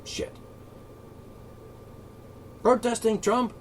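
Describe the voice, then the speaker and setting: A man with a high voice rants alone, swearing freely and dripping with sarcasm. He swings from shouting to low mutters. Faint background hum sits under his voice. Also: little pitch movement, very slow. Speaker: political commentator. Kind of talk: angry solo rant.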